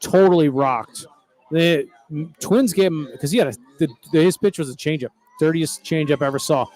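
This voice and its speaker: A man's voice: on the high side, normal speed, a little mellow. A middle-aged man, calling a baseball game in a folksy, chatty, rambling way. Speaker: play-by-play announcer. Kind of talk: baseball commentary.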